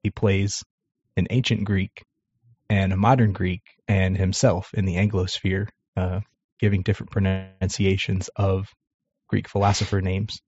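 Male co-host, low and flat, husky, easygoing, dry muffled audio. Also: unhurried, no echo. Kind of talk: casual chat.

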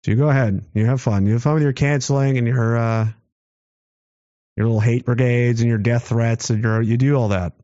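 A man hosting his own show, delivering a sarcastic, combative monologue to camera, swinging from low muttering to raised challenges. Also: fairly even intonation, a little fast, warm tone, dry recording, dull audio. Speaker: commentary show host.

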